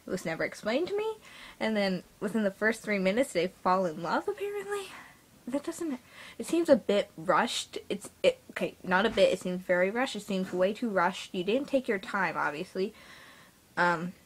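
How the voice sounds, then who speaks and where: A woman's voice: mid-range voice, expressive, normal speed, husky. Woman, vlogger reviewing reader submissions, rambling and filler-heavy, blunt yet apologetic. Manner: blunt but apologetic critique. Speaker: fan fiction reviewer. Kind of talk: casual vlog review.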